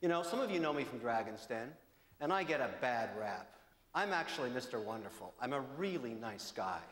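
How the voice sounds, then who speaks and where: A man hosting a live comedy festival on stage, telling stories in an animated way. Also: mid-range voice, a little fast, a little hiss or hum. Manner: animated storytelling. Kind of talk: stand-up hosting. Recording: echoey hall with reverb.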